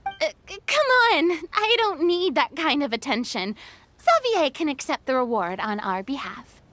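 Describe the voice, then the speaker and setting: A woman's voice: high voice, very animated, normal speed, fairly bright tone, no echo. A woman voicing a theatrical, vain young diva in a video game, dramatic and easily flustered. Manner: dramatic and showy.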